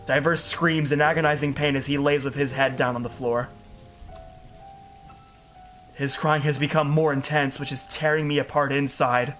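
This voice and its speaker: Man, earnest emotional story narration, slightly high voice, soft music behind. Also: fairly even intonation, moderate pace, pauses often. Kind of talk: dramatic first-person story narration.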